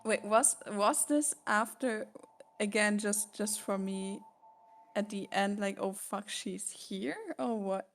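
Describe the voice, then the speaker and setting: A woman's voice: medium pitch, steady tone, slow pace, a little hiss or hum. A woman playing a tabletop game, who speaks hesitantly and giggles as she asks questions. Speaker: player.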